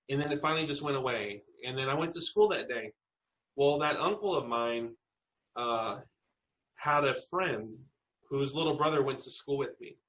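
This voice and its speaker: A man from South Texas, a podcast interview guest, earnestly telling personal stories with halting restarts. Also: fairly high pitch, a bit bright, poor audio.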